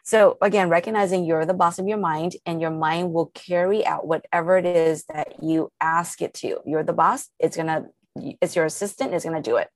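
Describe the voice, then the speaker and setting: A woman's voice: fairly low pitch, moderate pace, dry recording. A woman guest coaching listeners in a podcast interview, explaining step by step in an earnest, instructive way with everyday examples.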